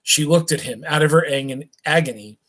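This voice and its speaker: A man's voice: fairly high pitch, a bit bright, slightly rough, low-quality recording. Man reading a novel aloud live. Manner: unhurried reading with slips and restarts, asides to listeners. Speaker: reader.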